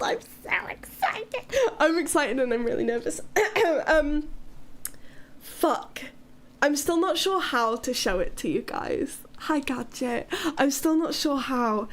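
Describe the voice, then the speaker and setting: A woman's voice: high voice, a bit bright. A woman from Wales with a British accent, chatting casually on a live stream, rambling and frank with the odd swear word. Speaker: livestreamer.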